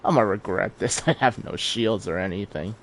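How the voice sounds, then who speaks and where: A man's voice: fairly low pitch, brisk, slight background noise. A man giving casual, self-deprecating live commentary while streaming a game, chuckling often.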